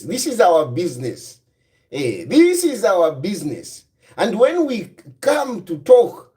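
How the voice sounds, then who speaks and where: A Zambian-accented man delivers political commentary on his own. His voice sits high and swings widely in pitch. He keeps firing rhetorical questions and slips easily between English and Bemba. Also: darkish tone.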